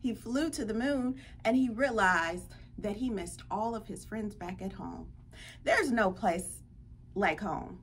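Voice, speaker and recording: A woman's voice: mid-range voice, takes it slowly, slight background noise. A woman leading a children's storytime, playful and talking straight to the kids. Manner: playful, addresses children directly. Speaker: children's librarian. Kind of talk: storytime read-aloud.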